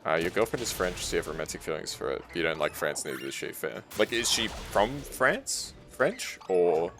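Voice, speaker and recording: A man's voice: deep voice, very animated, moderate pace, music in the background. A young Australian man, a streamer casually chatting with his live chat while gaming, reading messages aloud and laughing often.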